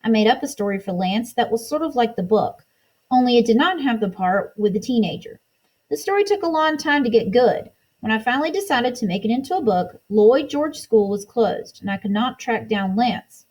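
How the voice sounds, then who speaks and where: Husky woman reading an author's note. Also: fairly high pitch, animated, normal speed, darkish tone.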